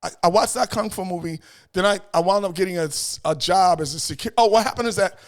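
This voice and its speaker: A middle-aged man, telling stories as an interview guest in an animated way, repeating phrases and acting out voices. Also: high voice, quick pace. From New York. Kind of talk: casual storytelling chat.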